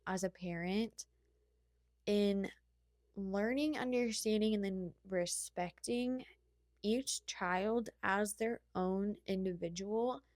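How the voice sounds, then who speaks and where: A woman's voice: medium pitch, slow pace, a little mellow, dry recording, clean studio sound. A young woman hosting a podcast, chatting casually about motherhood in a rambling, heartfelt way. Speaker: podcast host. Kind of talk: casual solo chat.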